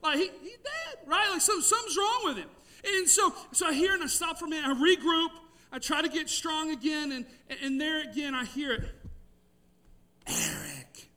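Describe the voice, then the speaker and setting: A middle-aged man, preaching a sermon with emphatic, drawn-out key words and storytelling. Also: extremely high pitch, expressive, sharp tone, distant mic. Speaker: pastor.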